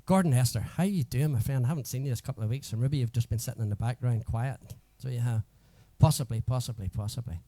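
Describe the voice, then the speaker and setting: A man's voice: mid-range voice, fast, few pauses, mellow, no room sound. A man hosting a live music stream, chatting casually and greeting viewers one by one.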